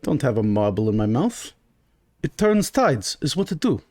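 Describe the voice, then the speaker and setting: A man's voice: fairly high pitch, big pitch swings, moderate pace, a little mellow. A man voicing a cocky male shopkeeper enchanter in a tabletop game, speaking in broken, foreign-sounding English.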